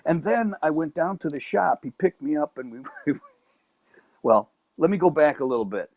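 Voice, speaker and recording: A man's voice: fairly high pitch, moderate pace, no echo. A man with a Chicago accent telling a comic story as a podcast guest, stammering and acting out the people in it. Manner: animated storyteller, acts out voices, stammers and repeats.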